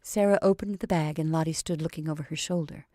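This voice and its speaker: Female storyteller, measured expressive reading, close dry recording. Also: deep voice, no room sound. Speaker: narrator. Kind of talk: scripted narration of a classic story.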